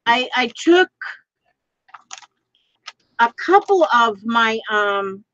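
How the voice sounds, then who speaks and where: High, lively-voiced woman, slow talker. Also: dull audio, slight background noise. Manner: enthusiastic, laughs easily. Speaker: livestream co-host. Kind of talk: casual craft livestream chat.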